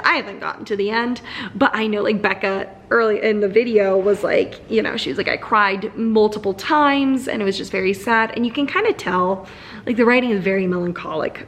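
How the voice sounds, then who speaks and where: Husky, gravelly young woman vlogging. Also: mid-range voice, fairly bright tone. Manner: chatty, gushing, many "like" fillers. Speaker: book vlogger. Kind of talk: casual vlog chat.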